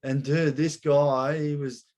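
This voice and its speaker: A man's voice: fairly high pitch, flat delivery, takes it slowly, a little mellow. A man hosting a casual podcast chat, rambling and slangy, calling his guest mate and bro. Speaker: podcast host.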